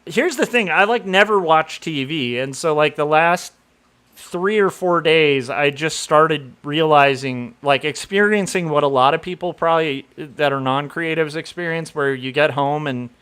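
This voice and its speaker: A man's voice: fairly high pitch, a little slow, a bit bright, smooth. A middle-aged man from Southern California chatting casually on a livestream, rambling with lots of fillers and laughing at himself. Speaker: comic artist streamer.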